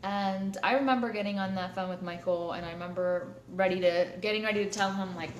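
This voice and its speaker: A woman's voice: mid-range voice, fairly even intonation, brisk, few pauses, slight background noise. A woman hosting a live stream, talking candidly to her viewers, with many fillers and restarts. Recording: echoey room, faint ambience.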